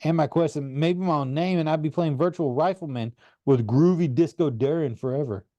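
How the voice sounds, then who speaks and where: A man reading a first-person story aloud in an earnest, animated way. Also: fairly high pitch, a little fast, dry recording, muffled recording. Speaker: audiobook reader. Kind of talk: first-person audiobook narration.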